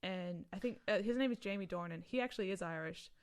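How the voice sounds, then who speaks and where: A woman talking casually about a movie on a podcast, her voice at an ordinary middle pitch. She rambles along, circling back and restarting her thoughts as she goes. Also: fast, clean tone. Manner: rambling, chatty, many restarts and likes. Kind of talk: casual film podcast chat.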